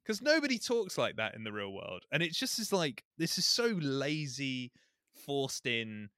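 Animated man, bright forceful voice. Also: medium pitch, a little slow, clean tone, no room sound, clean studio sound. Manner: animated, mock-outraged, acts out quotes. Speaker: podcast co-host. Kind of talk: casual chat.

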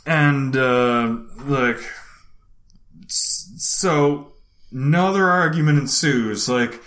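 A man's voice: mid-range voice, extremely slow. A man telling a funny story in casual talk, swearing and laughing as he goes. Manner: animated, swears often, laughs through the telling.

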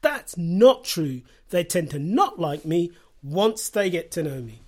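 Male comic, dry self-deprecating delivery, very animated pitch. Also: slow pace. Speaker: comedian. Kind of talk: comedy podcast monologue.

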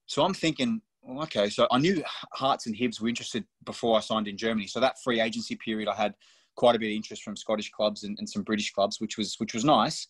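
A young man from Australia tells stories as a podcast guest, swearing freely in a loose, blunt way. His voice sits low and sounds a little husky. The room is dry and close, with no echo. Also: fairly even intonation, fast. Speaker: podcast guest, professional footballer. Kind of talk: casual storytelling chat.

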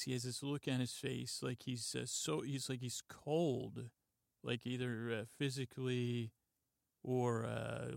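A man hosting a podcast, softly retelling a TV episode in a halting, meandering way full of "uh" and "like". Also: mid-range voice, creaky, no echo, studio quality. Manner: halting, lots of "uh" and "like", quiet and meandering. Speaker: podcast host. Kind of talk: rambling sleepy retelling of a TV episode.

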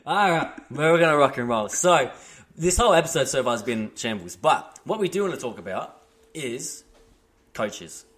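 Easygoing man, lively voice. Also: moderate pace. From Australia. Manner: easygoing, teasing, drops voice low for asides. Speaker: podcast host. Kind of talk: casual chat.

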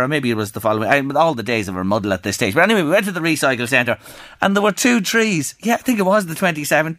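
Irish male radio presenter, middle-aged, animated and chatty, dry studio sound, slightly high voice. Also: no echo. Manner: chatty, reads out listener messages. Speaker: radio show host. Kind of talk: local radio chat.

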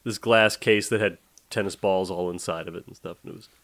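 A man's voice: low-pitched, steady tone, brisk, vocal fry, a bit bright. A man co-hosting a casual drinks chat, rambling with frequent restarts and easy laughter. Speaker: podcast co-host.

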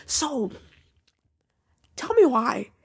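A woman hosting her own podcast in a casual solo chat, animated and slangy, swinging between loud outbursts and hushed asides. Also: high-pitched, drawn-out words, breathy edge. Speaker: podcast host.

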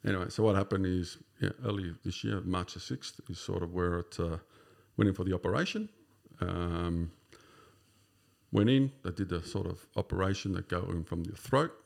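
Gravelly deep-voiced Australian man in his fifties. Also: moderate pace. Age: 50s. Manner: rambling, full of "sort of" and "you know" fillers. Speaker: podcast guest. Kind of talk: casual conversational storytelling.

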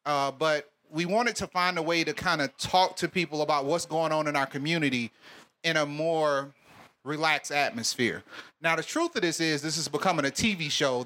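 A man's voice: a little high, bright, forceful tone. A man from Alabama with a Southern accent, hosting a live event and joking with the audience. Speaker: event host. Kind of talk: live crowd work and hosting.

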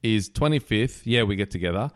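An Australian man co-hosting a casual podcast chat, jokey and quick to laugh. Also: fairly low pitch, animated. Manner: chatty, jokey, laughs often. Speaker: podcast co-host.

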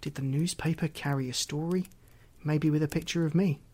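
A man's voice: fairly high pitch, steady tone, brisk, warm tone, slightly rough. A man reading as a wistful woman's ghost. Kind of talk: audiobook reading.

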